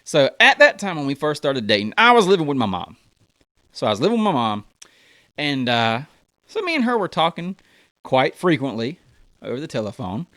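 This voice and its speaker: A young man performs stand-up, telling a story with lively swings of pitch as he acts out each person in it. The sound is dry and close. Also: normal speed, no echo. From United States. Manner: animated, acts out voices with big pitch jumps. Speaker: stand-up comedian.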